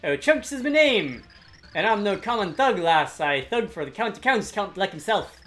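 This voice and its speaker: A gamer voicing a burly, boastful male warrior brute in a rough attempt at a Scottish accent, reading game dialogue in character. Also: mid-range voice, big pitch swings, moderate pace, a bit bright, soft background music, pitched above the performer's own voice. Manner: bellowing, gruff, boisterous.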